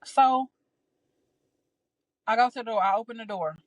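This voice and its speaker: A woman, hosting a podcast and telling a personal story in a casual, animated way, laughing often and acting out the voices of others. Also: a little high, moderate pace, dry recording, rough recording. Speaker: podcast host.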